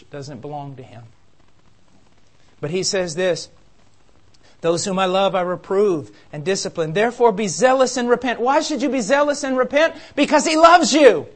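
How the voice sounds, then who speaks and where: Impassioned high-voiced male preacher. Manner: impassioned, emphatic, shifts between quiet and loud. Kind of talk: sermon.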